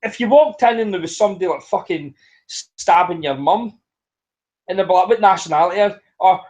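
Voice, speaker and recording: A man's voice: extremely high pitch, brisk, rough recording. A man co-hosting a podcast, ranting bluntly in casual talk with heavy swearing. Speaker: podcast co-host.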